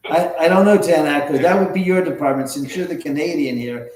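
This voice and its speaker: A man's voice: fairly high pitch, a little fast, a little mellow, roomy sound, poor audio. A man hosting a live stream, talking casually in a sarcastic, needling way and swearing often. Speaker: livestream host.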